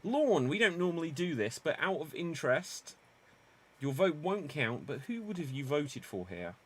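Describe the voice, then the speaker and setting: A man's voice: a little high, sing-song, normal speed, fairly bright tone, husky. A man hosting a live improv murder-mystery game, announcing rounds and calling votes in a theatrical manner. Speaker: improv show host.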